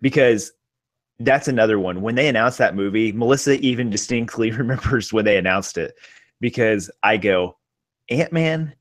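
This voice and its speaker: A man's voice: fairly low pitch, normal speed. A man co-hosting a podcast, chatting casually and eagerly about comic-book movies, laughing often. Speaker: podcast co-host. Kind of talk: casual chat.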